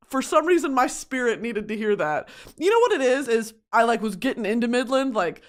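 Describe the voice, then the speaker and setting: This high-pitched young woman runs a podcast out of her home studio, speaking at a moderate pace with few pauses. She chats loosely and expressively, curses often, and puts on over-the-top voices to poke fun at herself.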